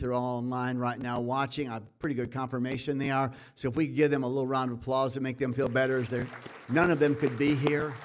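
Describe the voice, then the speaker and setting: Brief: Brooklyn-accented dean, folksy and emphatic, opening an awards ceremony in a college event hall. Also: male voice, medium pitch. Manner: folksy, emphatic, with rhythmic rhetorical lists. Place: college event hall before a live audience.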